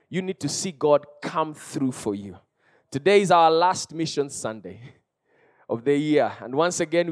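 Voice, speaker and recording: A Kenyan pastor in his thirties delivers a sermon in a notably high voice. He preaches with passion, rising to loud cries and dropping to hushed storytelling.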